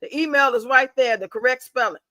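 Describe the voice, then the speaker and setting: A woman's voice: high voice, fairly quick, pushed and bright, no echo. Blunt, profane woman livestream host. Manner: blunt, profane, chatty, reads and answers viewer comments. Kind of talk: casual livestream commentary.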